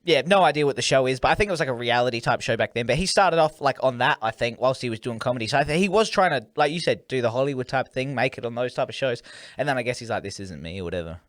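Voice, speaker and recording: A man's voice: medium pitch, lively intonation, quick pace, fairly bright tone, dry recording. Sweary young man, dry sound. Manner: laid-back, sweary, laughs often. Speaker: podcast co-host. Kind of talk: casual chat.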